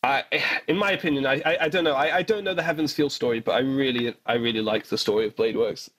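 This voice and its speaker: A man co-hosting a podcast in casual chat, excitable, restarting his sentences and swearing often. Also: medium pitch, quick pace. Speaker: podcast co-host.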